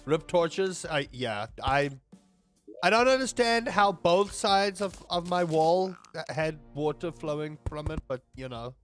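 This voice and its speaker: A man's voice: on the high side, lively intonation, a little slow, soft background music. A young South African man with a South African accent, chatting casually and rambling on a gaming livestream, now and then exclaiming at mishaps.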